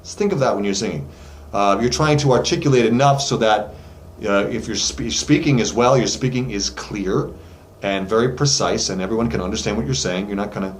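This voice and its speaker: A man's voice: fairly low pitch, a little fast. Chatty man coaching singing, echoey room. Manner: loose and chatty, many fillers, demonstrates with sung notes. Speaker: vocal coach. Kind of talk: casual vocal lesson to camera. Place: voice lesson studio. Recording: echoey room, faint background noise.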